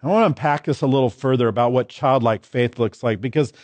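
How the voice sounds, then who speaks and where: A man's voice: medium pitch, fast, darkish tone, no echo. Emphatic male pastor, dry close sound. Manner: emphatic, repeats and contrasts key phrases. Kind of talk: sermon.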